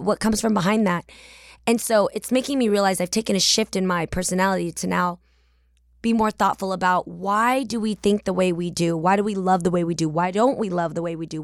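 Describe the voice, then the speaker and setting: Speaking in a mid-range voice, a forties-aged podcast host from the San Francisco Bay Area delivers a playful, chatty monologue that turns candid and reflective. She's at a studio mic, and the recording has no room sound.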